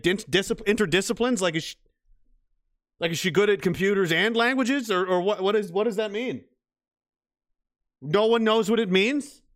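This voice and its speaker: A man giving sarcastic reaction commentary, ranting profanely in the persona of a gruff spy-agency boss, rambling with many restarts. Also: sits high, fairly bright tone. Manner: rambling with frequent restarts and fillers.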